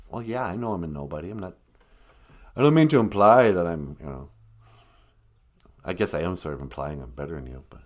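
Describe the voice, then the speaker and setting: Rambling, self-deprecating comic host. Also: male voice, low voice, lively intonation, fairly quick, long pauses. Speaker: host of a kids' language show. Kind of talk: comedic live stream.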